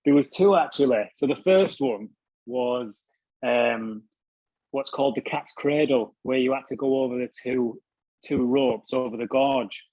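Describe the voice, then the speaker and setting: A man's voice: medium pitch, measured pace, a little mellow, dry recording, poor audio. A British man telling stories as an interview guest, casually, swearing freely and laughing at himself. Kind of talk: casual storytelling.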